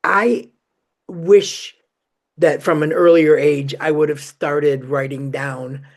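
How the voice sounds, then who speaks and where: A man's voice: fairly high pitch, fairly even intonation, slow. A man hosting a podcast, talking in a chatty way, full of "you know" fillers. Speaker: podcast host. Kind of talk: podcast conversation.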